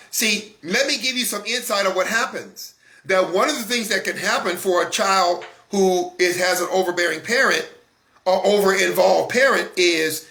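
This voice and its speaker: A man's voice: high-pitched, gravelly. A man hosting a Christian broadcast, talking in an emphatic, intense way and hammering the same phrases over and over. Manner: intense, refuses to calm down. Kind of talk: impassioned broadcast talk. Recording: echoey room.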